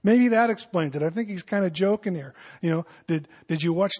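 A man's voice: sits high, a little fast, darkish tone, breathy edge. A man preaching a sermon in an informal, earnest way, with emphatic asides to his listeners. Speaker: pastor. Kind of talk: conversational sermon.

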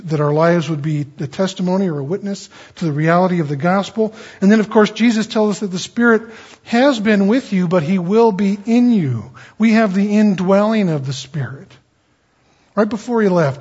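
A man's voice: high voice, darkish tone, slightly rough. A man preaching a conversational, emphatic sermon, teaching from scripture with rising bursts of emphasis. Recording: dull, lo-fi sound.

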